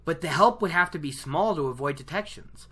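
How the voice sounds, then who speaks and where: A bright, sharp-toned voice rambles happily through a book chapter recap, recorded at home by a laptop. The speaker keeps correcting themselves mid-thought and chats loosely with a mid-range pitch. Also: expressive, brisk, husky. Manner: chatty, rambling, self-correcting. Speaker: book reader discussing a chapter.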